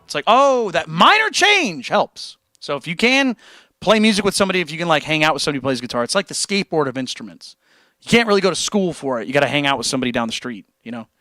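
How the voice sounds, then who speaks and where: A man hosting a livestream who chats casually with his viewers and reads out their comments. He talks in an animated, joking way and swears freely. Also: fairly high pitch, very fast, no room sound, clean studio sound, faint music behind. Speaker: livestream host and guitarist.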